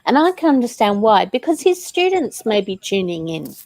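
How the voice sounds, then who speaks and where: A woman's voice: medium pitch, sing-song, normal speed, darkish tone, no echo, poor audio. A woman co-hosting a casual craft livestream, reading viewer comments aloud and giggling often.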